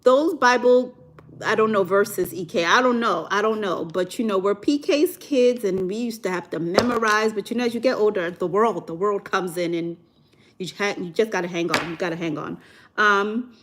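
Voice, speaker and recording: A young adult woman from Nigeria hosting a casual livestream, reading viewer comments aloud and reacting in a chatty, animated way. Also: mid-range voice, moderate pace, background noise. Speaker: livestream host.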